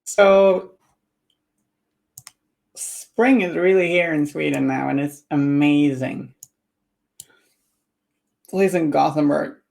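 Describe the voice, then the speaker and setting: Slow, gravelly-voiced woman streamer. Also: low voice, a little mellow. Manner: chatty, answers viewer comments. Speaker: miniature painter streaming. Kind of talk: casual live-stream chat while painting.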